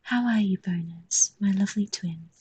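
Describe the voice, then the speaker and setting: A woman's voice: medium pitch, moderate pace, dark tone, slightly rough, rough recording. A woman with a London accent, chatting casually on a live stream while she draws, joking, swearing and reading chat aloud.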